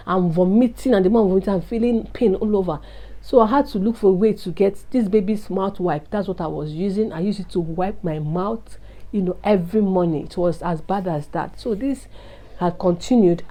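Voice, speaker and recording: A woman vlogger with a warm, medium-pitched voice tells an emotional personal testimony. Earnest and confiding, she talks to her viewers as "guys."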